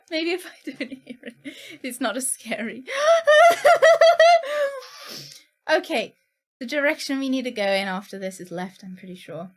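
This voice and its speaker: Brief: woman game streamer, high bright voice, unhurried, jittery and nervous on a live horror stream. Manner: jittery, nervous laughter, self-talk.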